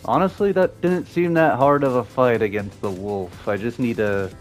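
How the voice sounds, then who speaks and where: A young man commenting casually on his gameplay, cursing and joking in quick outbursts over game music. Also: mid-range voice, expressive. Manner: profane, jokey, quick outbursts. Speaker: gaming YouTuber.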